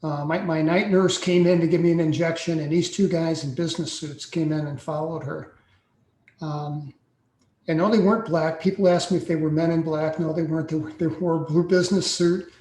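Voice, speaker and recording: A man in his sixties, a podcast guest telling a personal story slowly and deliberately, with frequent pauses. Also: fairly high pitch, fairly even intonation, a little mellow. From United States. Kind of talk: personal account in a podcast interview. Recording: echoey room sound.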